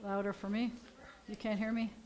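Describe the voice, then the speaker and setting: A woman's voice: medium pitch, level tone, moderate pace, a little mellow. A woman rabbi, chatting playfully as she teaches Hebrew letters at a service. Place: synagogue sanctuary.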